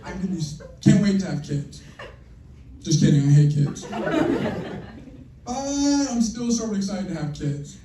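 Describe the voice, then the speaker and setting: A young man performing a stand-up routine with deadpan, crude punchlines. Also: sits high, measured pace, long pauses. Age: young adult. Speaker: stand-up comedian. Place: comedy show venue with audience. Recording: roomy, distant, faint noise.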